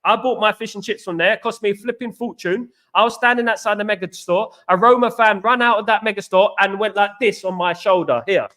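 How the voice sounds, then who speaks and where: A man from East hosts a fan stream, talking in an animated, rambling way. He is middle-aged, and his voice sits high and sounds bright. He tells stories and answers comments with lots of repetition. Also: fairly quick, hardly any pauses. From East London, England. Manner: animated, repetitive, chatty storyteller. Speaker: fan channel host. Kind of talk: live-stream fan chat reading comments.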